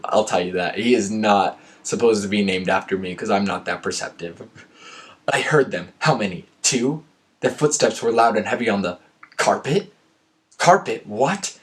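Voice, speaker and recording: A young man reading aloud a story he wrote as a kid, breaking off for sarcastic, self-mocking asides. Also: on the low side. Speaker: vlogger reading his old story. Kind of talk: reading aloud with joking commentary.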